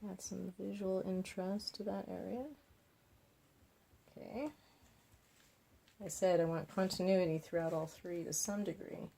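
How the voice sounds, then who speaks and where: Woman crafter, low voice, gravelly fry, chatty and thinking out loud. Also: fairly even intonation, a little slow, pauses often. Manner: thinks aloud with playful asides. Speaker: craft vlogger. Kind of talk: casual talk while painting.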